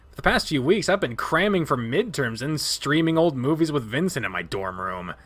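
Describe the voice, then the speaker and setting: A man reading a visual novel aloud in a middle-pitched voice. His delivery is expressive and dramatic, and he breaks in now and then with his own asides. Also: normal speed. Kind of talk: narrating a game aloud.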